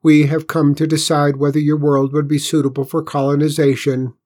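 Cold, superior alien scouts, as a man reading a storybook puts them on, speaking higher and louder than the narrator. Every sentence comes out stiff and formal. The tone is condescending throughout. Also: little pitch movement, brisk, natural voice. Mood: haughty.

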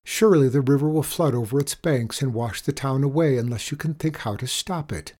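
A man's voice: brisk, darkish tone, natural voice. A man reading a storybook aloud and voicing a kind, worried old woman. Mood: fussing. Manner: anxious, raised pitch. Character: fretful kindly old woman.

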